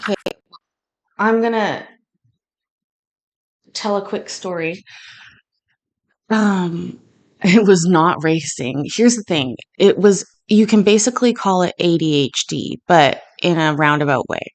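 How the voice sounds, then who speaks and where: A woman's voice: lowish voice, slow pace, pauses often. A Canadian woman in her thirties telling a rambling personal story in casual chat, with lots of fillers and restarts, at home in her kitchen. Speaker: host.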